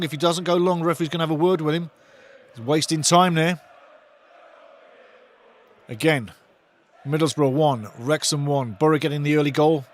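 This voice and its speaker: A man giving excitable, chatty live football commentary as host of a fan watch-along. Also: on the high side.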